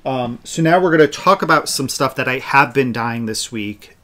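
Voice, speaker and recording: A man co-hosting a casual podcast, explaining his yarn dyeing in a relaxed way. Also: mid-range voice, moderate pace. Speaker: podcast co-host and yarn dyer.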